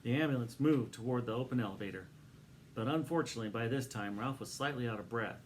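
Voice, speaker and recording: A man narrating a children's book aloud in a steady, expressive reading voice. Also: medium pitch, quick pace.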